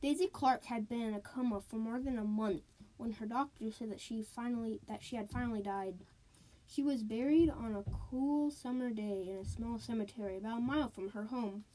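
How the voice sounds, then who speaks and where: A woman's voice: a little high, moderate pace, mellow, low-quality recording. A woman telling spooky folk tales aloud, with sound words and sing-song repeated lines. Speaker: storyteller. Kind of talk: spooky storytelling.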